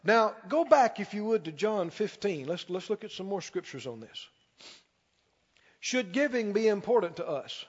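A man preaching a sermon as pastor, emphatic, slowing down and rising on key lines. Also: sits high, sing-song. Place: church sanctuary. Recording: dull sound with long hall reverb.

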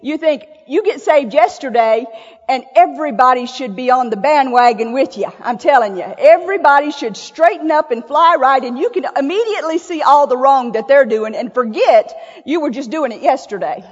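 A church speaker whose voice sits high talks at normal speed with an animated delivery, preaching in a church sanctuary. Folksy, chatty storytelling and frequent laughter mark her sermon, captured in a dull, lo-fi recording with hall echo.

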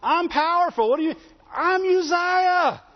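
A man's voice: very high-pitched, unhurried, pitched above the performer's own voice. A man preacher voicing a proud, angry king who brags and protests indignantly. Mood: boastful. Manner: bragging, indignant outbursts. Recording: dull sound with long hall reverb.

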